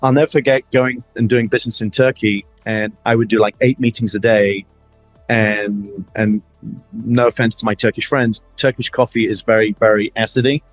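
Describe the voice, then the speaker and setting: Animated middle-aged man with a Middle Eastern accent. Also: on the low side, normal speed, dry recording, soft background music. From Middle East. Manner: animated storytelling, acts out quoted lines, frequent repeats. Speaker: interview guest, family office advisor. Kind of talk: conversational fireside chat.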